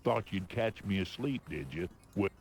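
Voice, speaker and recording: Gruff guard, folksy drawl, suspicious, swinging pitch. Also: male voice, animated, normal speed, crowd noise. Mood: grumbling.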